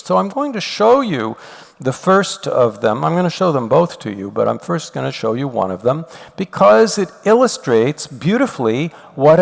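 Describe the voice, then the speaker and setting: Older male lecturer, lively pitch, gravelly edge, long hall reverb. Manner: animated, explains step by step, reads poetry aloud. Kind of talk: university lecture.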